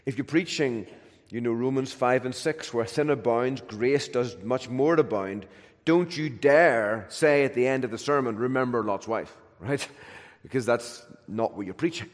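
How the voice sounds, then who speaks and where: A man delivers a sermon in a large church hall, his voice trailing off into long reverb. He talks at a mid pitch, driving points home emphatically with repeated words. He drops to a hush for the tender lines. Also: measured pace. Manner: emphatic, repeats words, shifts between loud and hushed. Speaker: preacher.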